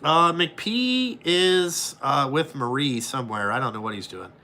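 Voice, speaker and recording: A man's voice: fairly high pitch, a little slow, a little hiss or hum. A man, a truck driver chatting casually and bluntly with his viewers, swearing often and reenacting his calls. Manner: profane, blunt and animated. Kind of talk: casual chat answering viewers.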